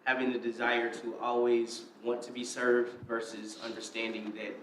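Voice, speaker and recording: Guy answering in bible class, far away and echoey, kinda slow and thoughtful. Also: medium pitch, little pitch movement, a bit bright. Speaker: class member. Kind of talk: answering in a group discussion. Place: church classroom. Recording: distant echoey room mic with faint hum.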